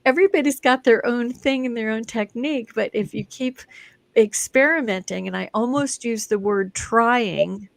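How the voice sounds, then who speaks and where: A woman's voice: on the high side, normal speed, creaky, dry recording. A woman guest on a talk show, an energy and intuition instructor, chatting casually and acting out stories with frequent laughs. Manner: animated storyteller, acts out quotes, laughs often. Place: broadcast studio.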